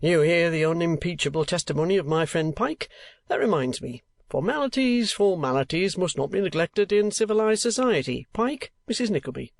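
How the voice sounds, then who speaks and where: A pompous, oily gentleman, as a man puts him on, flattering and flowery, a little louder and higher than the reader's own voice. Dry, close audiobook sound. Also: normal speed, creaky, no room sound. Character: smooth-talking flattering gentleman.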